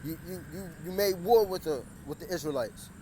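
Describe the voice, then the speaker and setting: A man's voice: high voice, fairly quick, warm tone. A man preaching and reading scripture outdoors by a street, often restarting his words and raising his voice over the traffic. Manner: repetitive, stumbling restarts, raises voice over traffic. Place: outdoors beside a busy street. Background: passing cars.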